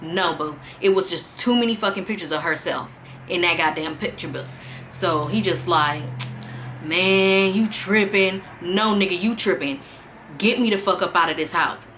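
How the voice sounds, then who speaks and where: A young woman telling a profane, animated story in a casual vlog. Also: lowish voice, normal speed, slight background noise. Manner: animated, profane, acts out quotes loudly. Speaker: storytime vlogger.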